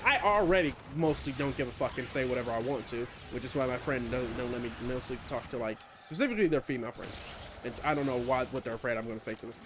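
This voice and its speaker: A man streaming a video game, chatting in a rambling, profane, self-deprecating way while he plays. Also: a little high. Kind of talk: casual gaming stream chat. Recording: steady background noise.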